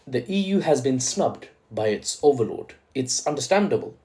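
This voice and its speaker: A man's voice: medium pitch, expressive, normal speed, darkish tone. A man hosting solo geopolitics commentary, casual and analytical, checking in with "right?" after his points and adding playful asides.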